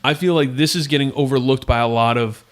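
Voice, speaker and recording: A man co-hosting a podcast, chatting in a relaxed, agreeable way about records. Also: medium pitch, fast talker. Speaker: podcast co-host. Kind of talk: casual chat about hardcore records.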